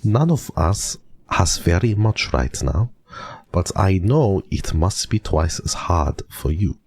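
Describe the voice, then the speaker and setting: A man voicing a grateful German servant woman reading her letter aloud, with a put-on German accent and a slow, earnest, raised voice. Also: low voice, expressive, creaky, darkish tone, husky, voice pushed up, exaggerated voice.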